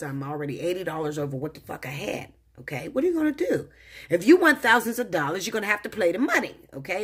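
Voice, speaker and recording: A woman's voice: low-pitched, breathy edge. A woman talking as a tarot reader in a casual monologue, blunt and profane, speaking straight to the viewer. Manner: profane, blunt, animated, addresses viewer directly.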